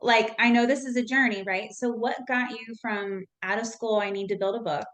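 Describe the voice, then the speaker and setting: A woman's voice: fairly high pitch, steady tone, moderate pace, a bit bright. A woman hosting a podcast interview, encouraging and affirming her guest. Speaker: podcast host.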